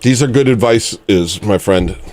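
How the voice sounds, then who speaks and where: Man, 40s, livestream host; low voice, rambling musings with a mock-serious edge. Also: a little slow, a little mellow. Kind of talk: casual livestream chat.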